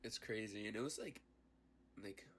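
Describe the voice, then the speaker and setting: A man's voice: on the low side, normal speed, fairly bright tone, slight background noise. A young man co-hosting a podcast, chiming in with laid-back slangy remarks and swearing. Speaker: podcast co-host. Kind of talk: casual chat.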